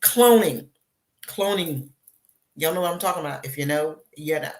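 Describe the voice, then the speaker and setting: A woman's voice: deep voice, a little fast. A woman hosting a live show as a beauty consultant, chatting casually with viewers and acting out little asides. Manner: chatty, animated, acts out voices in asides.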